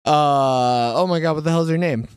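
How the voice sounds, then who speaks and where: A man's voice: on the high side, normal speed, clear, resonant tone, no room sound, clean studio sound. A man co-hosting a casual film review podcast, swearing freely and joking around. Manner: profane, animated, laughs often. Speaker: podcast co-host.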